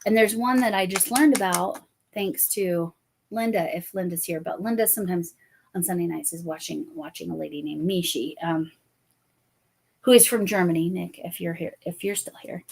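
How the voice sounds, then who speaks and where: A woman's voice: fairly low pitch, normal speed, creaky, a little mellow, husky. A woman in her fifties hosting a crochet channel, chatting casually with viewers by name while she crafts, often correcting herself.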